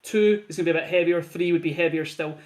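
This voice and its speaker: A man's voice: on the high side, steady tone, quick pace, darkish tone. A man narrating as game master in a casual tabletop role-play game, rambling a little with fillers.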